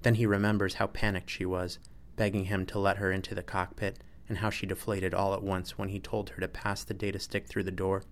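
A man with a very low voice narrates a story in an even, measured way. His reading is steady and unhurried. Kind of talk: audiobook narration.

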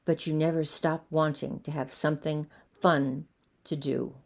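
A woman voicing a kind, soft-spoken alien of unclear gender, in a gentle, soothing way. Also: low voice, fairly even intonation, measured pace, creaky, full character voice.

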